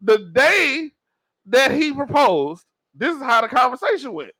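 A man telling a story on a podcast in casual chat, animated, profane and laughing often. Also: very high-pitched, measured pace, no echo. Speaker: podcast co-host.

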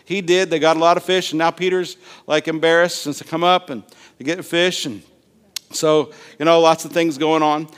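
A man's voice: a little high, moderate pace, smooth. A male pastor preaching a sermon, acting out Bible scenes in different voices. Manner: animated, acts out Bible scenes with voices and laughter.

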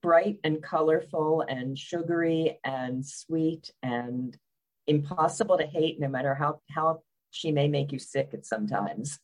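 A woman's voice: deep voice, measured pace, darkish tone, low-quality recording. A woman author being interviewed, speaking in a wry, opinionated and blunt way. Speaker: biographer guest. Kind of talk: conversational interview.

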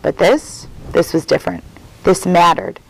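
A woman's voice: lowish voice, measured pace, gravelly, rough recording. A woman reading a children's novel aloud as a guest reader, telling it expressively. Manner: expressive storytelling.

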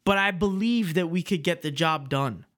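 Hyped-up high-voiced male podcast host. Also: normal speed, a bit bright. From Miami, Florida. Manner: hyped, profane, emotional rants. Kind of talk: excited solo podcast monologue. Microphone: video call. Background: hip hop music.

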